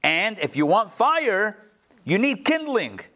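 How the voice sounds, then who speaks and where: A man leads a casual study class in a fairly high voice. He keeps firing questions at the group and drops in quick joking asides. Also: very animated, bright, forceful tone. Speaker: teacher leading a text study class. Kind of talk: casual interactive teaching.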